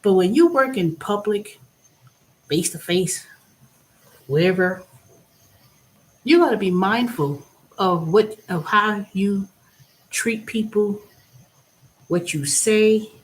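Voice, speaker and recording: A woman hosting her own vlog, giving a blunt, profane monologue that swings between loud bursts and low asides. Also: animated, takes it slowly, pauses often. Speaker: vlog host. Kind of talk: casual ranting monologue.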